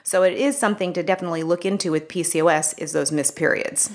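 A middle-aged woman co-hosting a health podcast, explaining things in a casual, conversational way that turns animated when she tells a story. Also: lowish voice, fast talker. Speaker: podcast co-host, health practitioner.

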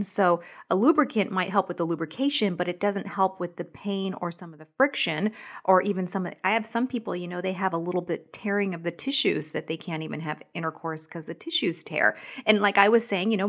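A woman co-hosting a health podcast, explaining in a conversational way with frequent fillers. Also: fairly low pitch. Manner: conversational, frequent "you know". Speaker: podcast co-host, doctor. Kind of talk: casual health podcast talk.

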